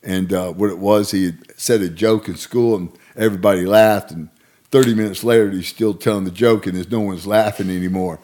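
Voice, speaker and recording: Guy telling old stories, gets loud and goes up high doing other people's voices. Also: fairly quick. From Arkansas. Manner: animated, acts out voices in stories. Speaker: guest storyteller. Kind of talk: casual storytelling.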